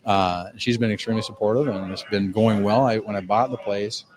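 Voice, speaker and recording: A middle-aged man who owns a cigar lounge, telling his story in an animated, casual way on a podcast and acting out the dialogue he quotes. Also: on the low side, fairly quick, a crowd in the background, rough recording. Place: cigar lounge with people around.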